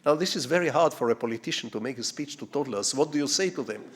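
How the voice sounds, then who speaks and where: An older man from Israel with an Israeli accent, giving a public lecture as a digressive storyteller who poses rhetorical questions and swings from quiet asides to loud, sweeping lines. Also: medium pitch, expressive, quick pace, slightly rough. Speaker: guest lecturer.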